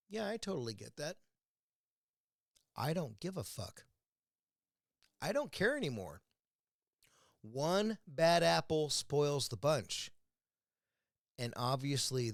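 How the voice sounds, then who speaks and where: An American vlogger with a mid-range, expressive voice rants about politics at home over a beer, speaking at a measured pace with frequent pauses. He's angry and blunt, swearing constantly, in a dry, studio-quality recording.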